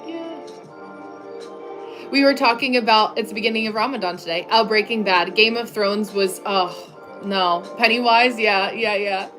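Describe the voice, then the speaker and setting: A woman's voice: mid-range voice, normal speed, fairly bright tone, soft background music. Chatty American woman live-streaming. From United States. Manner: chatty, many "like" fillers, laughs often. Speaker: livestream host. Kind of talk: casual live-stream chat reading viewer comments. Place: home office at her desk.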